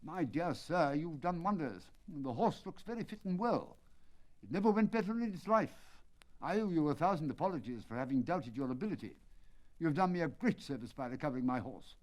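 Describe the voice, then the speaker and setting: A man's voice: on the high side, expressive, brisk, a little mellow, close to an everyday voice. A man reading a storybook aloud and voicing an indignant, agitated colonel who owns racehorses. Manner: agitated, raised indignant outbursts. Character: excitable indignant male horse-owning colonel. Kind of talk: dramatic audiobook reading.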